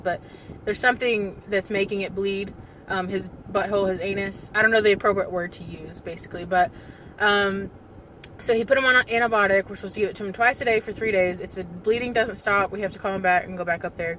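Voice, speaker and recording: A young woman talks straight into her phone in a loose, rambling way, stacking fillers as she tells the story. Her voice sits at an ordinary middle pitch, and she keeps trying not to cry. A faint hum of background noise runs under the recording. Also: fairly bright tone, poor audio. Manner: rambling, full of fillers, fighting back tears. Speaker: vlogger. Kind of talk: casual personal vlog storytelling. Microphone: phone camera.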